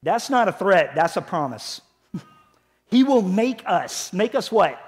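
Pastor, middle-aged man, higher voice, very lively pitch, delivering a sermon with big rises and quiet drops. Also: a little slow. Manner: animated preaching, rising and dropping sharply for emphasis. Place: church sanctuary.

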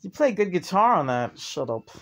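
A woman's voice: on the low side, very animated, moderate pace, a little hiss or hum. A woman vlogger in casual chat, talkative, often laughing and swearing freely.

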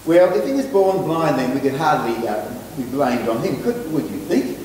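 An Australian man preaching a sermon as minister, measured and stumbling over his words now and then. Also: fairly high pitch, lively intonation, darkish tone, slight background noise. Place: church hall. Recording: echoey church hall from far off.

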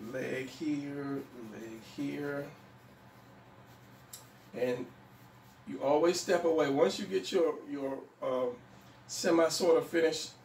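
Man talking through a drawing tutorial. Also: mid-range voice. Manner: relaxed, thinks aloud while drawing, frequent fillers. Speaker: drawing instructor. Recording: echoey room, mic at a distance, faint background noise.

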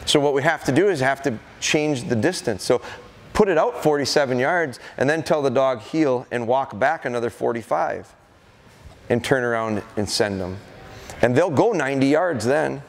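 A middle-aged man gives a live training seminar, his voice at an ordinary middle pitch. He tells anecdotes and slips into the voices of dogs and owners. His voice rings with the long reverb of a large event hall. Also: creaky. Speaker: dog trainer leading a seminar. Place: event hall at a deer festival.

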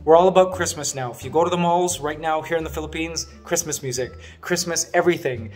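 A man from Canada in his thirties, vlogging casually from his farmhouse and gushing to his viewers with excitement and emotion. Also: on the high side, brisk, hardly any pauses, soft background music. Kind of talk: casual vlog. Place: farmhouse under construction.

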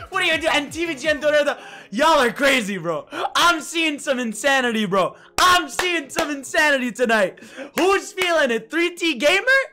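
A live game streamer chatting with viewers, excitable and profane, often shouting in disbelief. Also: high voice. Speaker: livestreamer. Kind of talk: live gaming stream chat.

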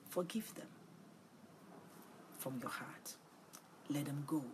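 A woman preaching and praying on a livestream, pleading and tender, often repeating short phrases and dropping into soft breathy whispers. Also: rumbling low, animated, moderate pace, pauses often, a little hiss or hum. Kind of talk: livestream sermon and prayer.

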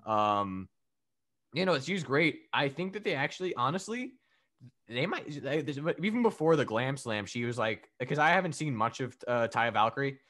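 A man's voice: mid-range voice, big pitch swings, moderate pace, sharp tone. A man co-hosting a podcast, chatting casually and profanely about wrestling, rambling with fillers and frequent laughs. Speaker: podcast co-host. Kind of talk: casual chat reviewing wrestling.

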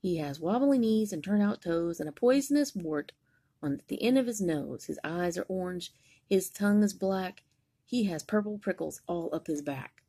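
An older woman, a grandmother, reading a picture book aloud to a child in an expressive, sing-song storytime manner. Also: lowish voice, normal speed, breathy edge.

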